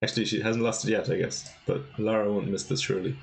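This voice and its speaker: A man's voice: lowish voice, little pitch movement, quick pace, gravelly, slight background noise. A man giving casual live chess commentary on a stream, thinking aloud and exclaiming at the players' mistakes.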